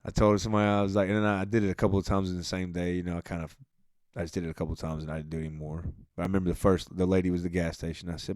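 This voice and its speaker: Man, very low voice, laid-back and profane, rambling monologue, dry close mic. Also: flat delivery, very fast, darkish tone, no echo. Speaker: podcast host. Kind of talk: casual monologue.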